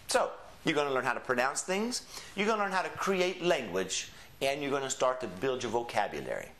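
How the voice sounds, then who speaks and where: A man's voice: mid-range voice, very animated, a little fast, fairly bright tone. A man explaining a Spanish course in a chatty, explanatory way, dropping in Spanish phrases as examples. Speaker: Spanish teacher. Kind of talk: promotional course lesson.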